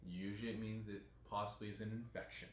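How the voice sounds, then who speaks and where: A man, working as a dentist, telling stories in a relaxed, casual way and leaning on lots of "you know" fillers. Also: fairly low pitch, fast, slight background noise. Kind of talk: casual interview talk. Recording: echoey room with faint ambience.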